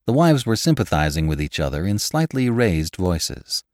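Deep guy narrating a classic novel, lots of pitch movement, dry close sound. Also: big pitch swings, normal speed, a little mellow, no echo. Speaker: audiobook narrator.

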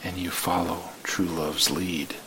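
A man narrating a story in the second person in a slow, hushed way that sometimes drops to a whisper. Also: low-pitched, little pitch movement, a little hiss or hum, poor audio.

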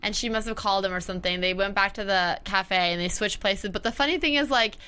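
A woman talks in a loose, chatty way as a co-host. Her voice is bright and crisp. She drops into little quoted voices as she talks. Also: mid-range voice, fast. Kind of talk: casual chat.

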